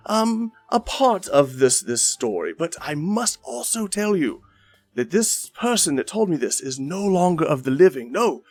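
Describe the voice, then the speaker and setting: A man's voice: a little high, no echo, voice pushed up. A man voicing a showy male magician storyteller who speaks in flowery, dramatic showman phrases.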